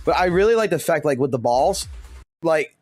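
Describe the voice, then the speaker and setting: A man streaming games, talking in an excited, rambling way with constant swearing. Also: on the high side, moderate pace. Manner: profane, animated, rambling. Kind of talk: excited gaming stream talk.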